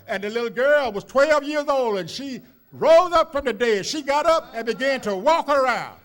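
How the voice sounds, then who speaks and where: A man's voice: very high voice, lively intonation, normal speed, few pauses, a bit bright. A man preaching a sermon as a minister, telling stories in a folksy way with many fillers and rising emphasis. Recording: church service recording.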